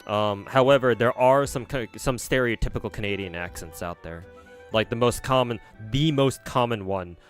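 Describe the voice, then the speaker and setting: A man's voice: mid-range voice, moderate pace, soft background music. A young man chatting casually as a streamer, answering viewers with lots of fillers and restarts. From United States. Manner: rambling, many fillers and restarts.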